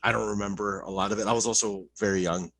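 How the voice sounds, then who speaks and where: A man chatting on a podcast, relaxed and meandering as he thinks out loud. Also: on the low side, fast, gravelly, no echo. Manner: relaxed, meandering, hedging with fillers. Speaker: podcast co-host. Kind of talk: casual chat.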